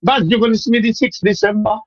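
A radio caller, a man from Montserrat with a strong Montserratian Caribbean accent. He talks in a rambling, fervent, repetitive way over a phone line. His voice sits high and the sound is dry. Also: fast talker, no room sound. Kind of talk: emotional call-in to radio.

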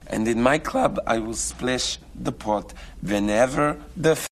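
An actor playing a ruthless Russian poker club boss, speaking with a Russian accent and an overdone palatalized delivery. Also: male voice, medium pitch, a little slow, close to an everyday voice. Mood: menacing.

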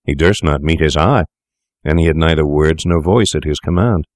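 A man reading a classic tale aloud as narrator, steady and measured. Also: extremely low pitch, dry recording, studio quality.

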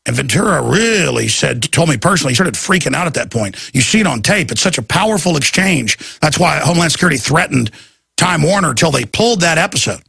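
A man's voice: on the high side, expressive, quick pace, gravelly, sharp tone, husky, dry recording. A man hosting a talk radio show, delivering an urgent, emphatic ranting monologue.

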